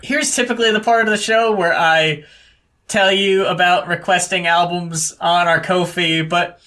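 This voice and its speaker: Male co-host, high, bright voice, slow and wry. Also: steady tone. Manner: wry, joking. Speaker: podcast co-host. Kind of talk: casual podcast chat with show plugs.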